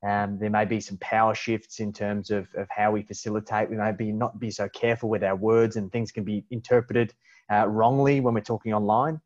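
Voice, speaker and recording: Male interviewer, easygoing, lowish voice, muffled lo-fi recording. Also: little pitch movement, brisk, darkish tone. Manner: casual, friendly, says "mate". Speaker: interview host. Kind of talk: conversational interview. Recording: dull lo-fi sound.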